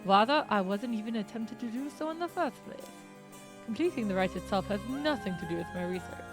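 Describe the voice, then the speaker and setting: A woman's voice: mid-range voice, expressive, brisk, over music, lightly acted. Woman reading a pompous male teacher. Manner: pompous, formal. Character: proud, egotistical male teacher reading game text.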